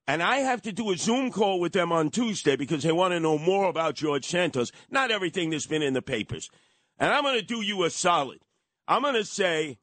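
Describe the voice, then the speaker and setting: Animated older New man, high voice. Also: brisk, dry recording. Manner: animated, gossipy, acts out quoted people with loud high exclamations. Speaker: talk radio guest. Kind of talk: radio talk storytelling.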